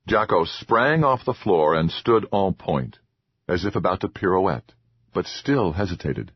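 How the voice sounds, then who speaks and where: A man narrating a horror audiobook in a measured, expressive reading. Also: deep voice, breathy edge, no echo, dull audio.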